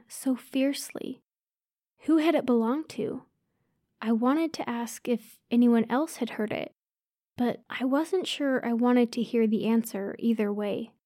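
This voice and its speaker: A woman's voice: a little high, measured pace, dark tone, dry recording, clean studio sound. A woman narrating a first-person story aloud, giving each character a light voice of their own.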